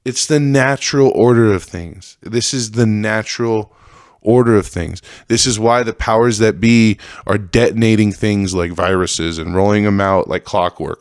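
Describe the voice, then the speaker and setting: A man in a heated podcast rant, swearing freely and hammering the same phrases again and again. His voice sits on the low side, and the recording is dry and close. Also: unhurried, no echo. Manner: heated, profane, repetitive ranting. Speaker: podcast host. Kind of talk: ranting podcast monologue.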